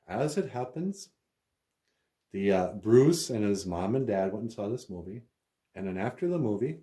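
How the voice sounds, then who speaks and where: A man's voice: fairly low pitch, dark tone. A man telling a comic story as a storyteller, rambling with lots of fillers and laughs.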